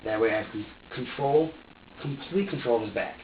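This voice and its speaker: A man's voice: mid-range voice, brisk. A man being questioned by police, rambling anxiously, repeating himself and restarting his sentences. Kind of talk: police interrogation statement. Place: police interview room. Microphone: room recorder, far from the mic. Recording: roomy, distant, dull lo-fi recording with faint hiss.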